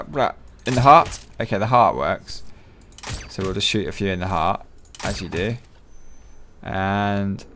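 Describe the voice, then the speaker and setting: A man giving profane, excitable, joking let's-play commentary. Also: medium pitch, slight background noise. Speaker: gaming channel host.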